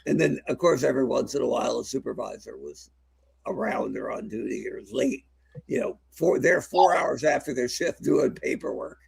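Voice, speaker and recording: Gravelly man with a lively, husky voice. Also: medium pitch, moderate pace. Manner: laughs often, bursts into shouted impressions while telling stories. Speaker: podcast co-host. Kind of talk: casual chat.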